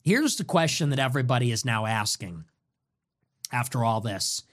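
A man's voice: medium pitch, sing-song, fairly bright tone. A young man hosting his own show, delivering a heated political monologue with strings of rhetorical questions and some swearing. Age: young adult. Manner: ranting, rapid-fire rhetorical questions, profane. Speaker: show host.

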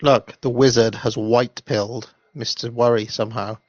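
A man's voice: medium pitch, steady tone, moderate pace, no echo, faint music behind. A man rambles through commentary between pages of a storybook, circling back and restarting his sentences. His voice sits in the middle range and sounds dry and slightly muffled. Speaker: livestream host.

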